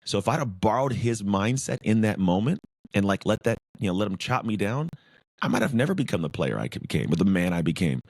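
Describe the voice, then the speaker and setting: A man's voice: fairly low pitch, expressive, a little fast, darkish tone, no echo, studio quality. A man speaking as a podcast guest, former pro football player, talking intensely and emphatically in repeated lists. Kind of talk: casual interview talk.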